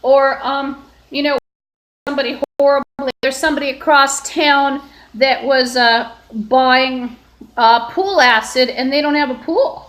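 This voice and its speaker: A woman with a slightly high voice talks to her phone in a long, wandering monologue full of fillers and false starts. She is in an apartment, and the room gives her voice a noticeable echo. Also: steady tone, a little slow, fairly bright tone. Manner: meandering, with frequent fillers and restarts. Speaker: livestreamer. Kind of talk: rambling solo live stream. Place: indoors in an apartment. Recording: echoey room.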